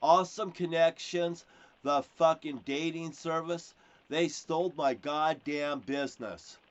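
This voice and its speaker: A man's voice: fairly high pitch, steady tone, unhurried. Aggrieved man ranting alone on camera, cursing nonstop and jumping between topics; muffled lo-fi recording. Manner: profane, swears constantly; rambling, jumps between topics. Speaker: self-proclaimed prophet. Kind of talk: rambling ranting monologue. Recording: dull lo-fi recording with faint hiss.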